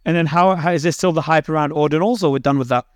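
A man hosting a live audio panel, excitable and teasing, who often restarts his sentences. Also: fairly high pitch, fast talker, dry recording, studio quality. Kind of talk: casual panel talk.

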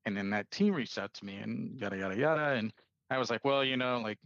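A man's voice: fairly low pitch, expressive, fast, creaky, a bit bright, dry recording. A man who is a sports analytics guest on a podcast, telling stories chattily and acting out quoted dialogue. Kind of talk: casual interview chat. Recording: slightly dull, dry sound.

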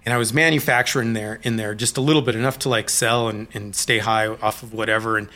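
Candid middle-aged man, bright forceful voice. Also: fairly low pitch, steady tone. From Colorado, US. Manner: candid, halting storytelling. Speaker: guest. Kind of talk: personal recovery story in an interview.

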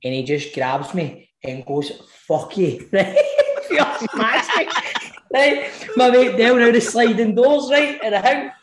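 A Scottish man in his twenties tells a story in loose, sweary podcast chat. His voice sits high and is full of energy. The room around him is echoey. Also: expressive, a little slow, a crowd in the background. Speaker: podcast co-host. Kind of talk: casual chat.

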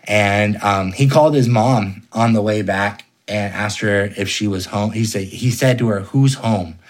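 A man's voice: lowish voice, steady tone, normal speed. A young man telling a personal ghost story in an interview, rambling casually with lots of fillers. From California.

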